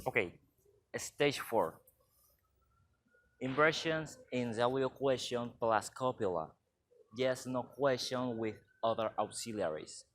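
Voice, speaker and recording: A young man giving a class presentation on English question forms, explaining slowly and acting out short example dialogues. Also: mid-range voice. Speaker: student presenter.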